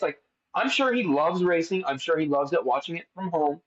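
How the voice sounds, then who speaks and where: A young man co-hosting a podcast, telling stories in a casual, animated way and swearing freely. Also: fairly high pitch, brisk. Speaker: podcast co-host. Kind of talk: casual chat. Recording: dull lo-fi sound.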